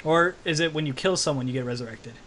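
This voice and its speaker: Young man, podcast co-host, casual chat, laughing storyteller, higher pitch. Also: fast talker, a bit bright, a little hiss or hum. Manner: laughing, storytelling, loose and joking.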